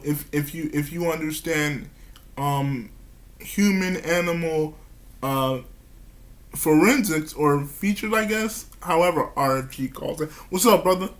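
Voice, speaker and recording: In a vlog, a man with a slightly high voice talks about his personal life, halting and stammering as he repeats words and giggles nervously between phrases.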